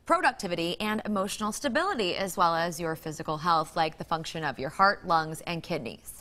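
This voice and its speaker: A woman's voice: lowish voice, lively intonation. A woman co-hosting a live morning TV show in a studio, reading news and laughing with her partner. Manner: bright, giggly, reads news briskly.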